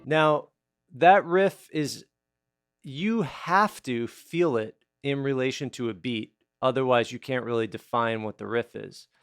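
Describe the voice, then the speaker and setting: A man giving a casual guitar lesson, explaining rhythm and counting beats aloud while he plays. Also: medium pitch. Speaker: guitar teacher. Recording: loud guitar playing under the voice.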